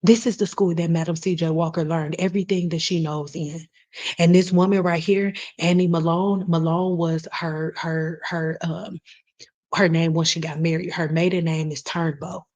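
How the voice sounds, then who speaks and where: A woman's voice: lowish voice, little pitch movement, normal speed, darkish tone. A woman who works as a cosmetologist, speaking bluntly and emphatically in a casual vlog, swearing freely and addressing her viewers directly. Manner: talks straight to the audience, calls them y'all.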